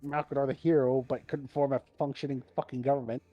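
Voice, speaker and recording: A man's voice: mid-range voice, little pitch movement, quick pace, no room sound, highs cut off. A man with a mid-range voice co-hosts a casual podcast. He rants and tells stories with lots of swearing, building his points with blunt insults. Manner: profane, ranting, storytelling. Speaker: podcast co-host. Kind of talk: casual chat.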